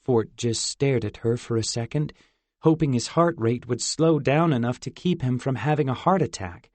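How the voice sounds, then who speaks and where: Guy narrating an audiobook, steady, dead dry sound. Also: medium pitch, normal speed, no room sound. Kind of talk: scripted narration.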